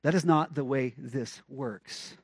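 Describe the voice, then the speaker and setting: A pastor preaching a conversational sermon, with emphatic repeated refrains and rhetorical questions. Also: male voice, medium pitch, slow pace, breathy edge, dry recording.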